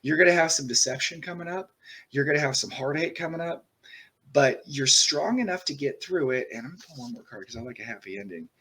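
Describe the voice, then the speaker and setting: A man with a husky, slightly rough voice reads tarot cards casually to camera. He rambles, restarts his thoughts and keeps reassuring the listener directly. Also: mid-range voice, lively intonation, quick pace, bright, forceful tone, low-quality recording. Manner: rambling, reassuring, speaks straight to the viewer. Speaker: tarot reader.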